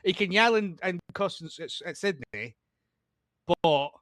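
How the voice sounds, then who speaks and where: A man co-hosting a podcast, chatting in a jokey, animated way. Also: high voice, measured pace, no room sound, studio quality. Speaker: podcast co-host. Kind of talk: casual chat.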